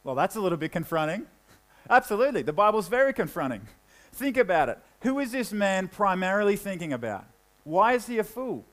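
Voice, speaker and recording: A young man preaching a sermon in a casual, conversational way, dropping low and quiet when he reads scripture. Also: big pitch swings, a little fast, poor audio. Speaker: pastor.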